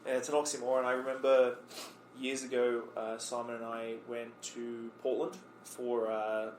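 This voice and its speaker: A man hosts a casual podcast with a loose, rambling delivery full of fillers. His voice sits at a middle pitch, and the room around him is echoey. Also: normal speed, a little hiss or hum. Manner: relaxed, rambling with many fillers. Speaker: podcast host. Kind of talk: casual interview chat. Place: bar or room, recorded on a phone. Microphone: phone recorder.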